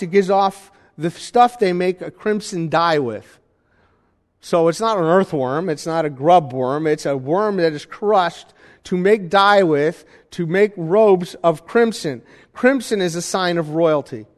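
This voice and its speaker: A man preaching a sermon in a church, talking conversationally and asking the congregation questions. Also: fairly high pitch. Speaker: pastor. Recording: reverberant hall.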